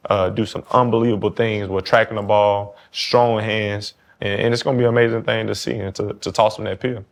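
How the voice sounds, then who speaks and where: With a lowish voice and a slightly fast pace, a thirtysomething quarterback from New Orleans, judging by his accent, chats casually as a podcast guest. He gets animated and acts out quoted talk.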